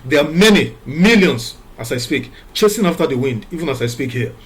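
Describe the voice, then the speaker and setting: A man's voice: a little high, animated. Emphatic preaching man with rhetorical questions. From Nigeria. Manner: emphatic, repeats key words, asks rhetorical questions; reads scripture aloud in a measured way. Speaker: commentator. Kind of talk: preachy moral commentary monologue.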